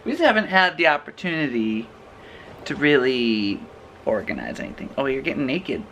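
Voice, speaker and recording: A man's voice: medium pitch, big pitch swings, normal speed, a bit bright, slight background noise. Giggly chatty young man vlogging. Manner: giggly, playful, chatty with frequent laughs. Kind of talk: casual vlog chat while shopping. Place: home goods store, indoors.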